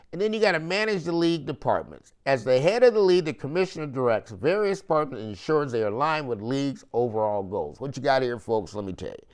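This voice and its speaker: A man hosting a sports podcast, ranting with emphatic, repetitive rhetorical questions and slangy talk. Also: a little high. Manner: slangy, repeats phrases for emphasis. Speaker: podcast host. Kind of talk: opinionated sports commentary monologue.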